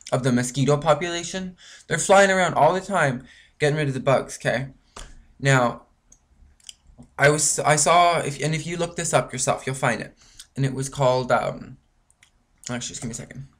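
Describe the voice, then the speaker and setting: A man's voice: medium pitch, a bit bright. A man from Canada ranting angrily in a rambling vlog monologue, full of swearing and filler words. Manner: frustrated, profane, rambling with many fillers. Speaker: vlogger.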